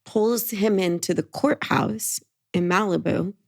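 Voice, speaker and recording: Woman podcast co-host, mid-pitched, animated storyteller in a loose, casual chat. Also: measured pace, creaky. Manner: animated storyteller, acts out quotes.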